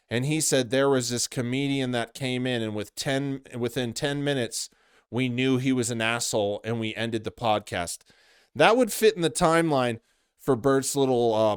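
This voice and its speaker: A man's voice: medium pitch, smooth, no echo, studio quality. A man hosting a commentary show, rambling through his opinions with lots of fillers. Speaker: commentary channel host. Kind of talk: commentary monologue.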